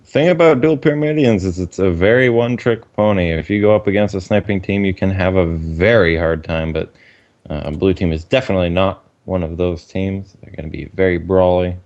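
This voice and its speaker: A man's voice: low voice, fairly quick, a little mellow, muffled recording. A man co-casting a game, analytical and laid-back, chuckling as he explains tactics. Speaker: esports co-caster. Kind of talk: live game commentary.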